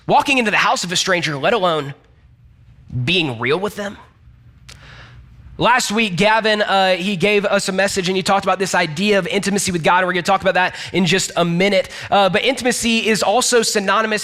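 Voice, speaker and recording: Young georgia guy preaching, high voice, chatty and self-deprecating. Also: sharp tone. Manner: chatty, self-deprecating, addresses listeners directly. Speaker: pastor. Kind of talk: conversational sermon.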